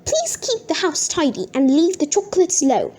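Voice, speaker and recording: Woman doing a strict mum, scolding, high lively voice, storybook character. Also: moderate pace. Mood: stern. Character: strict busy mother.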